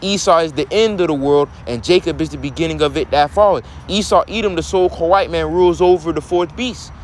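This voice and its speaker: A man's voice: on the high side, brisk, a little hiss or hum. A man teaching from scripture in a preaching manner who keeps asking rhetorical questions.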